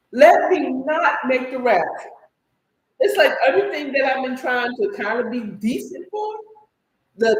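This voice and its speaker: A middle-aged man recapping a story in a casual, animated and dramatic way, his voice at times breaking into cries and shouts. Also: very high voice. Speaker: storyteller host. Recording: echoey room with faint background noise.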